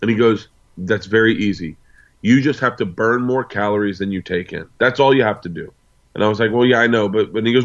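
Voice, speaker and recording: A man's voice: on the low side, brisk, a bit bright, lo-fi sound. A middle-aged man from the United States, a comedian guest telling a long personal story and acting out the dialogue. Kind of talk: storytelling in casual interview.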